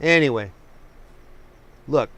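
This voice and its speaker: A man's voice: mid-range voice, expressive, slow, a bit bright, no echo. A man from Oakland hosting a live painting stream, a few drinks in, rambling and stumbling over his words. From Oakland, California. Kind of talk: casual live-stream chat.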